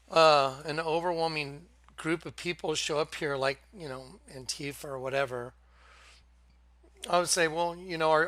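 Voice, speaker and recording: A man with a fairly high, bright voice gives an earnest religious testimony straight to camera. He talks in a halting way, often stopping and restarting his sentences. The sound is dry and close, with no room echo. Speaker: religious video host giving testimony.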